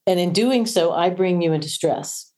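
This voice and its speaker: A woman's voice: fairly low pitch, moderate pace, darkish tone. A woman voice coach on a podcast, explaining and demonstrating how breathing shapes the voice. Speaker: voice coach guest. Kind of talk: podcast interview.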